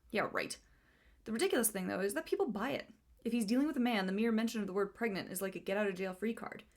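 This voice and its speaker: Woman, book reviewer, amused, reads excerpts aloud, casual, medium pitch. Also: very fast, darkish tone. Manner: amused, laughs while reading. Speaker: book vlogger.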